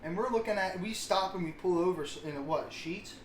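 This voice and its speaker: A man's voice: sits high, fairly quick. A man, co-hosting a podcast and telling rambling, self-mocking stories full of swearing. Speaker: podcast co-host. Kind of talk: casual storytelling. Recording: roomy sound with faint hiss.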